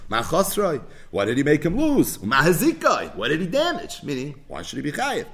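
A man teaches a daily Talmud lesson in a conversational way, posing questions and then answering them himself. His pitch rises and falls freely as he explains. He mixes English with Hebrew and Aramaic terms. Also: huge pitch swings, normal speed, fairly bright tone.

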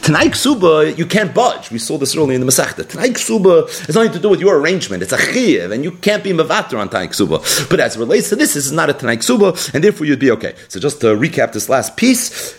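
A man teaching a Talmud class in an explanatory way, mixing English with Hebrew and Aramaic terms. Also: mid-range voice. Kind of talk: daily Talmud page class.

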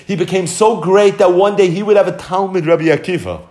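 A man teaching as a rabbi, telling a Torah story with mounting passion and many Hebrew terms, his voice climbing high at the peaks. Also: brisk. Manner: builds to excited high-pitched emphasis, peppered with Hebrew terms. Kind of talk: impassioned Torah storytelling lesson.

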